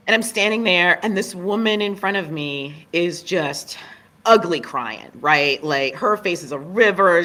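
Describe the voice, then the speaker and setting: A middle-aged woman with a Southern US accent talks as an interview guest, a playwright telling stories in an animated way. Her voice sits a little low but sounds bright and forward. She swings up high when she acts out other people. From Virginia, US. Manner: animated storyteller, acts out voices with big pitch jumps. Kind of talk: casual interview chat.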